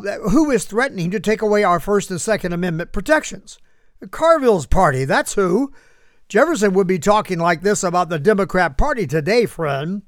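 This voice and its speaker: Male commentary host, high voice, sarcastic asides, dry close sound. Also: no room sound. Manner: sarcastic, talks back to an unheard listener. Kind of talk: political commentary.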